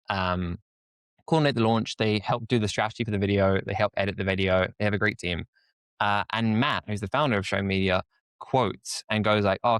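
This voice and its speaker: A fairly low-voiced man with a London English accent, chatting easily as a podcast guest. He tells a long story at an even, relaxed pace. The sound is dry and close. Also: clean tone, no room sound. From England. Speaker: guest, co-founder. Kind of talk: casual podcast conversation.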